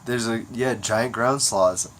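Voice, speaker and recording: A man's voice: mid-range voice, takes it slowly, fairly bright tone. A man co-hosting a podcast, chatting casually and rambling, with lots of "like" and some swearing. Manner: rambling, heavy use of "like", swears freely. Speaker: podcast co-host. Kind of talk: casual gaming chat.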